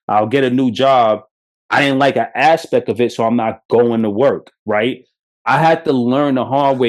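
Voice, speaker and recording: Middle-aged Brooklyn man, podcast host; blunt and salty, animated storyteller, mid-range voice. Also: medium pitch. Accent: New York. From Brooklyn, New York. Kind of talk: candid motivational talk.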